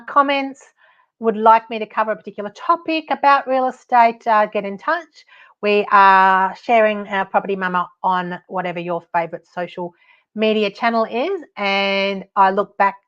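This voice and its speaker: Australian woman, podcast host, blunt and chatty, mid-pitched voice, slightly dull lo-fi sound. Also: a bit bright. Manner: blunt, chatty, laughs at her own stories. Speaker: podcast host and buyer's advocate. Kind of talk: casual solo podcast talk.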